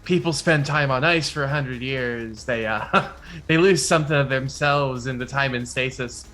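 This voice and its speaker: A man's voice: medium pitch, moderate pace, bright, forceful tone, soft background music. A man playing a tabletop role-playing game, talking in character in an evasive, rambling way. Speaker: player.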